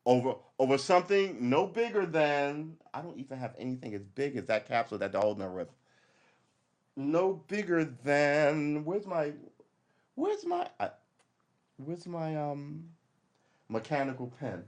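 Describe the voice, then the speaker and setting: A man's voice: on the high side, sing-song, a little slow, darkish tone. Man, podcast host, casual live rant, rambling, wry, tangents.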